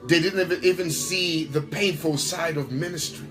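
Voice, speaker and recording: A man who serves as a pastor and worship leader speaks in an interview with a somewhat high voice. His delivery is emphatic and preacher-like, repeating phrases to drive his points home. Soft music plays faintly behind him. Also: normal speed, rough recording. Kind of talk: interview answer, preacher-like talk.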